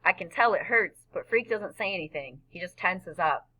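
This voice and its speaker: A woman's voice: fairly low pitch, expressive, normal speed, bright, forceful tone, low-quality recording. A woman narrating an audiobook in a boy's first-person voice, telling the story plainly. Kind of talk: scripted narration.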